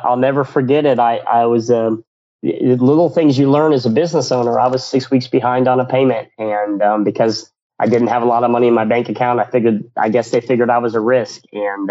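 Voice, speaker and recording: A man's voice: mid-range voice, darkish tone, muffled recording. A man, a business owner, telling stories in a casual radio interview, rambling with many restarts and acting out quotes.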